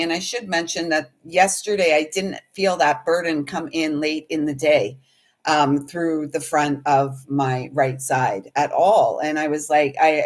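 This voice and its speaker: A woman with a lowish voice talks through a spiritual experience in an earnest, rambling way. She takes her time and often pauses to find her words. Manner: meandering, earnest, speaks of feelings. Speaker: intuitive healer and reader. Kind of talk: casual spiritual storytelling.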